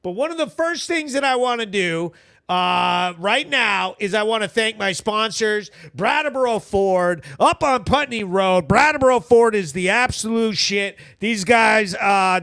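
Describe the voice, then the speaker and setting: A man hosting a local news recap show in loud, slangy, profane casual commentary with sponsor shout-outs. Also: high voice, dry recording, clean studio sound. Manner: hyped, profane, slangy, emphatic.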